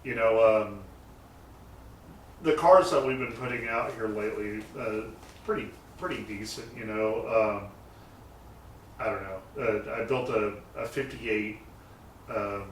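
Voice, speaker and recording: A man's voice: fairly low pitch, steady tone, unhurried, pauses often. A man chatting about custom car builds, rambling through his stories with frequent fillers and restarts. He is recorded from a distance in a roomy, echoey garage. A faint hiss sits under his voice. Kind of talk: casual interview talk. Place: garage shop. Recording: roomy echo, mic set far off, faint noise.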